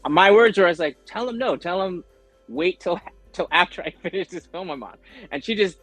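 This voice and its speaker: A male actor being interviewed casually tells an animated story at a moderate pace, his voice high-pitched, with faint music in the background. He voices other people's lines himself and fills his speech with fillers.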